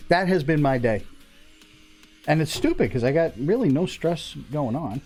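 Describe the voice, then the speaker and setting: Casting: man, casual stream host lively up-and-down voice, jokey rambling. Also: fairly high pitch, normal speed, loud music behind the voice. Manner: rambling, joking, laughs often. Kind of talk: casual live stream chat. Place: workshop.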